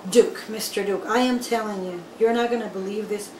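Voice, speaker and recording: A woman from Guatemala, telling her own story in an interview in an animated, emphatic way and speaking straight to the listeners. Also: medium pitch, brisk. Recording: echoey room, voice from far off, faint background noise.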